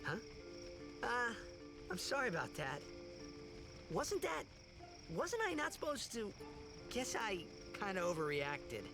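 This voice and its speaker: A man's voice: high voice, very animated, takes it slowly, pauses often, heavily acted. An actor playing a cheerful, awkward young male hero in a video game, eager and fumbling over his words. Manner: eager and fumbling, full of fillers. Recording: game audio with background music.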